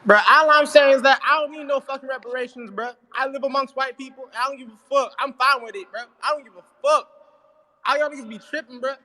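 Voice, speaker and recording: A man's voice: extremely high pitch, fast, pushed and bright, long reverb tail. A man calling in, talking defiantly and swearing at every turn. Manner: profane, defiant, repetitive. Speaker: caller.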